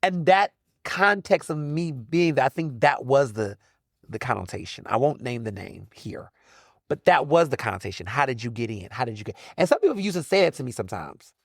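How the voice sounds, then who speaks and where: A man talks through his own solo podcast in a loose, chatty, slangy way, full of quick asides. His pitch swings widely up and down as he goes. The sound is close and dry, with no room around it. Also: sing-song, vocal fry, no room sound. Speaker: podcast host. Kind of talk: casual solo podcast monologue.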